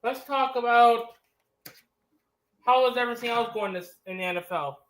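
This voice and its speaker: A man's voice: extremely high pitch, moderate pace, fairly bright tone. A man co-hosting a casual sports podcast, playful and teasing. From United States.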